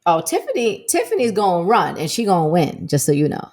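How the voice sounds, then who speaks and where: A woman from Brooklyn with a Brooklyn accent, co-hosting a podcast in animated casual chat. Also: fairly low pitch, fairly quick. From Brooklyn, New York. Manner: animated, repeats "listen" and "y'all". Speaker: podcast co-host.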